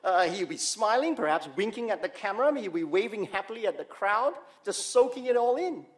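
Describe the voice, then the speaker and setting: Man, pastor, sermon, high voice, emphatic, dramatic pauses, rhetorical questions. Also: lively intonation. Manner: emphatic, slow dramatic pauses on key words.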